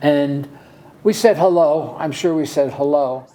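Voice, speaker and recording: A man telling the story of how he met his partner in casual chat, with gentle humor. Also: a little high, measured pace, a little hiss or hum.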